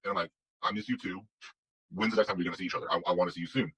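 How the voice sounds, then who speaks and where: Fast-talking man with a raspy edge. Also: sits low, steady tone, a bit bright, low-quality recording. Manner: rambling, with many restarts and quoted dialogue. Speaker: guest telling his story. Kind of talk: casual conversational storytelling.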